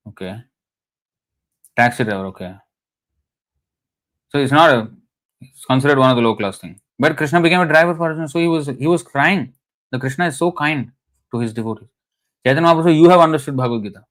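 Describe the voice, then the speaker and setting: A man's voice: mid-range voice, a bit bright. A man giving a conversational scripture lecture, telling anecdotes in a chatty way with frequent "you know"s. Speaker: scripture class speaker.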